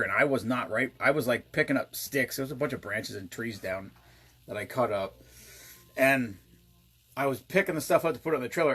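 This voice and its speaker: A man co-hosting a casual chat, telling rambling family stories with deadpan jokes. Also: mid-range voice, breathy edge. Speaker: podcast co-host.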